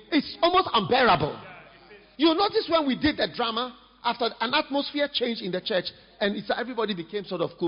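A male pastor, preaching a lively, humorous sermon in a church. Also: extremely high pitch. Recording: echoey hall, dull lo-fi sound.

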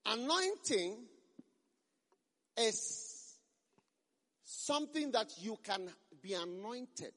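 A man's voice: high-pitched, lively intonation, extremely slow, long pauses, a bit bright. A man preaching a sermon as a pastor, emphatic and repeating phrases for force. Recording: long reverb in a large hall.

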